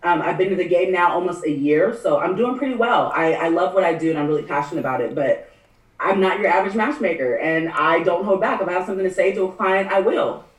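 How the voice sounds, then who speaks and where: A woman working as a matchmaker, talking candidly as a podcast guest and acting out her clients in quick asides. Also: fairly low pitch, echoey room, far from the mic, poor audio. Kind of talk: casual podcast interview.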